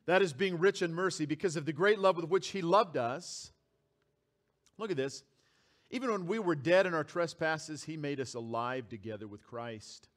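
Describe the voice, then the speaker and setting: A man's voice: fairly high pitch, normal speed. A man preaching a sermon as pastor, reading scripture aloud and repeating key phrases for emphasis. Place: church sanctuary.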